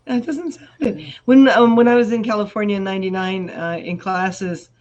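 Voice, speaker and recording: A woman's voice: medium pitch, darkish tone, muffled recording, a little hiss or hum. Chatty Canadian woman hosting a live chat. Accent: Ontario Canadian. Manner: chatty storyteller, quick asides. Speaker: host. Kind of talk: casual video chat.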